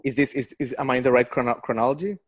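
Male podcast host, casual interview, husky voice, eager reactions. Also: medium pitch, rapid-fire.

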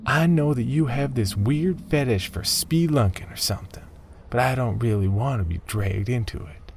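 A man's voice: medium pitch, animated, unhurried, a little mellow, a little hiss or hum, voice pushed up. A man putting on an irritated young woman. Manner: exasperated, complaining.

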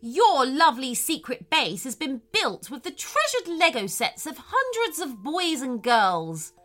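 A woman reading a children's story, voicing a kind but stern female scientist who talks briskly and confidently. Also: high-pitched, wildly swooping pitch, sharp tone, faint music behind, heavily acted.

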